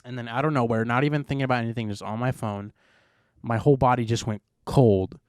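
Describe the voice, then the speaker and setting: A man's voice: medium pitch, steady tone, quick pace, smooth, no echo, studio quality. A young man hosting a podcast, telling a long story in a rambling, laid-back way with lots of fillers. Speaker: podcast host. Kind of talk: casual chat.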